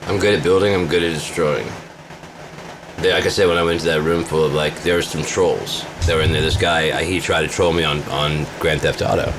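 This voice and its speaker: Very deep-voiced man, profane boastful vlogger, noisy backdrop. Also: fairly even intonation, a little fast. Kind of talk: casual rambling monologue.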